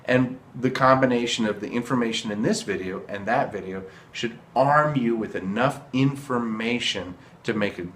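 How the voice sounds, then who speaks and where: A man's voice: lowish voice, fairly bright tone, roomy sound, slight background noise. A man giving a casual video lesson on trumpets, earnest and repeating key points for emphasis. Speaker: trumpet teacher.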